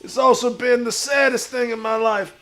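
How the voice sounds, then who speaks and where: A man playing a crude, boastful washed-up pro wrestler who talks about himself in the third person and shouts his lines. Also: very high voice, steady tone, moderate pace, faint music behind. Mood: swaggering bravado. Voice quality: gravelly, shouty bravado. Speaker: streamer in character. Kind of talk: improvised comedy stream.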